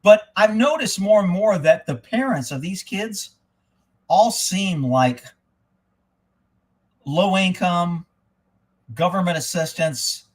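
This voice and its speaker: A man with a high voice rants through a live stream, swearing constantly. He drops to a grumble, then climbs to exasperated shouts. He talks like an irritated host hitting back at his commenters. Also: animated, takes it slowly, long pauses. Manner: angry, swearing, swings from muttering to shouting. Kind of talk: profane ranting live stream.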